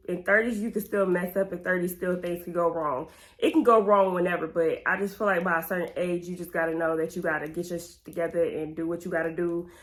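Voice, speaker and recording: A woman, talking to her viewers in a candid, slangy get-to-know-me Q&A. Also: mid-range voice. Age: 20s. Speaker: vlogger.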